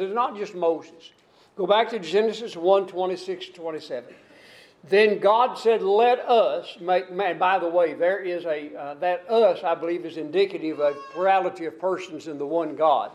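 A man's voice: high voice, a little mellow. An older man from the United States preaching a sermon, rambling, repeating and restarting phrases and drawing out key lines.

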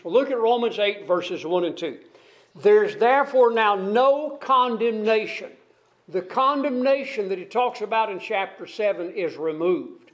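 A man preaching an expository sermon, reading scripture aloud and explaining it verse by verse, asking his listeners questions. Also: high-pitched. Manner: asks the congregation questions.

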